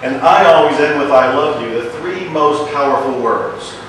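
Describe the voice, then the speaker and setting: A man's voice: fairly high pitch, normal speed, a little hiss or hum. Earnest self-help man, very echoey room. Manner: earnest, repeats phrases in a hushed soft voice. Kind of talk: motivational talk to an audience. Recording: very echoey room, speaker far from mic.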